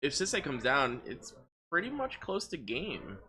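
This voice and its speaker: A man doing relaxed live commentary on a card game tournament, chatty and low on energy. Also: unhurried, a little hiss or hum. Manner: relaxed, chatty, lots of filler words.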